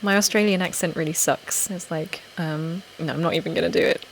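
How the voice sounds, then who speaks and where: A young British woman, host of an ASMR channel, chatting casually on a live stream and reading viewer comments aloud, often slipping into a soft whisper. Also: fairly low pitch, fairly even intonation, a little fast, gravelly, a little hiss or hum, rough recording. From Britain.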